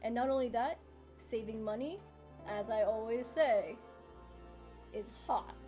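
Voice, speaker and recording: A man's voice: extremely high pitch, unhurried, warm tone, soft background music. Woman doing a huge doting dad. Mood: fond. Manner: affectionate, cheesy pep talks.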